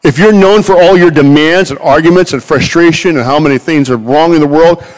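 Middle-aged male preacher, lively sermon storytelling, slightly high voice, reverberant hall sound. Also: brisk. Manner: animated, storytelling with acted quotes.

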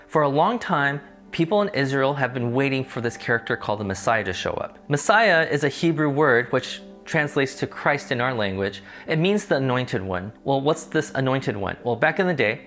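A man's voice: mid-range voice, fairly bright tone. A man teaching a Bible study lesson, reading the passage and then explaining it in a conversational way. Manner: conversational, explains context in plain terms.

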